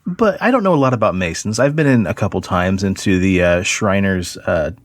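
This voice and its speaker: A man's voice: low-pitched, brisk, dry recording, clean studio sound. A man hosting a podcast, chatting casually and telling stories with a laugh. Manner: laughing storyteller, animated. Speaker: podcast host.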